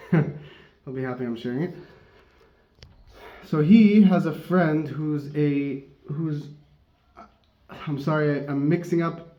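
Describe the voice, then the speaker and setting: A man gives a loose, rambling Torah teaching, correcting himself and chuckling along the way. His voice is mellow and relaxed. The sound is dull and roomy. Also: on the high side. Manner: rambling, self-correcting, laughs often. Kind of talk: casual religious teaching talk.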